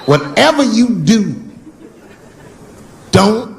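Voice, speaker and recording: Here a middle-aged man's high voice swings widely in pitch, moving very slowly with vocal fry, during a stand-up set at a big theater with a live audience. Brash and foul-mouthed, he lingers over punchlines and drops into playful voice shifts. Audience laughter and background room noise run throughout.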